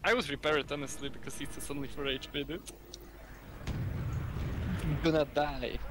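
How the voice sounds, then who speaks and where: Ein Mann mit polnischem Akzent, Polnisch als Muttersprache, der beim Spielen locker plaudert und seine Mitspieler neckt. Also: male voice, on the high side, fairly even intonation, moderate pace. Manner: joking, teasing banter. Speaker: streamer playing a tank game. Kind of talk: casual gaming chat. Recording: noisy home mic.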